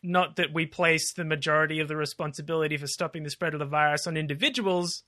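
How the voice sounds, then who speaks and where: A man's voice: a little high, fairly even intonation, quick pace, bright, forceful tone. A man co-hosting a podcast, casual and blunt, laughing often and swearing freely. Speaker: podcast co-host. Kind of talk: casual chat.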